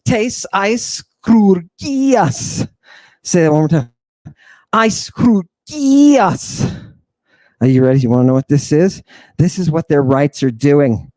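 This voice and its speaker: A man giving a theatrical, teasing lecture to a live audience, swinging between hushed asides and sudden shouts. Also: medium pitch, brisk, no echo.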